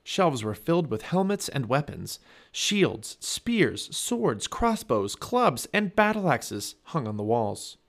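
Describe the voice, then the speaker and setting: A man reading a children's chapter book aloud, with expressive storybook narration. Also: a little high, takes it slowly, vocal fry. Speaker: family podcast reader.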